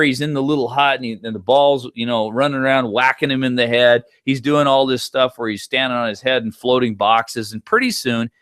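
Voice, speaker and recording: A man teaching a class in a conversational lecture style, animated and often checking in with the listeners. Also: medium pitch, dry recording, studio quality. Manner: conversational, checks in with frequent "right?"; animated retelling with brief quoted voices.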